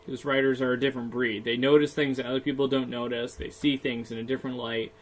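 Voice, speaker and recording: A man co-hosting a casual podcast chat, talking in an upbeat way with a voice going hoarse. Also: mid-range voice, level tone, fast, low-quality recording. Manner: chatty and upbeat, laughs often, many fillers. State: voice getting hoarse. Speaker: podcast co-host, self-published author.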